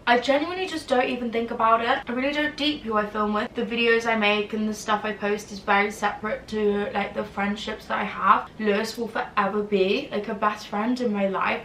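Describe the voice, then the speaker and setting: A bright, chatty young woman in her early twenties talks loosely to camera, full of "like" and asides. Her voice rings around an echoey room, a little off-mic with faint hiss underneath. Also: medium pitch, recorded from a distance. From England. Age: early 20s. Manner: rambling, lots of "like", quick asides. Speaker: vlogger. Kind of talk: casual chatty vlog.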